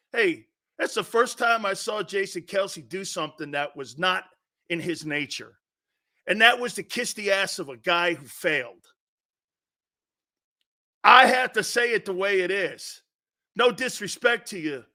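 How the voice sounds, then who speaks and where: Bright, high-voiced ranting sports talk host. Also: male voice, animated, unhurried, pauses often. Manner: blunt, profane, repeats his point hammering it home. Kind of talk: opinionated sports talk rant.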